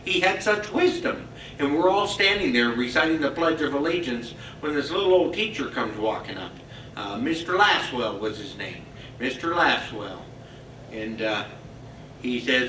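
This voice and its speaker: An older man telling a slow, tender story about his past in a reminiscing monologue. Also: medium pitch, lively intonation, pushed and bright, slight background noise. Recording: archival recording from far off in a roomy space.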